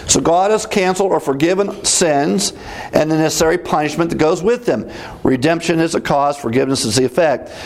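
A man teaching through Bible verses in a deliberate, emphatic way, repeating references as he goes. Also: on the high side.

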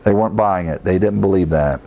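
A man's voice: deep voice, fairly quick, creaky, mellow. A man preaching a verse-by-verse Bible teaching sermon in a conversational way, with frequent fillers and wry asides. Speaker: pastor teaching through scripture.

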